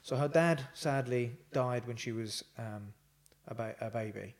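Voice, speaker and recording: A man's voice: medium pitch, unhurried. A man telling personal stories in a casual chat, rambling with lots of fillers and quoted dialogue. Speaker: podcast guest. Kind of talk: casual storytelling.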